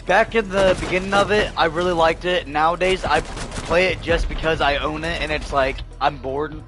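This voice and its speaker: A man streaming a video game, chatting casually and telling rambling stories, his voice going hoarse. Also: on the high side, fairly even intonation, moderate pace, music in the background. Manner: loose rambling storytelling, laughs often, swears freely. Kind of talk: casual livestream chat while gaming.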